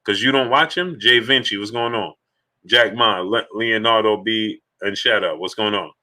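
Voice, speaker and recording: Bright-voiced man hosting a live sports stream. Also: lowish voice, normal speed. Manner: emphatic, repeats points, greets chat by name. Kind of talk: casual live-stream chat.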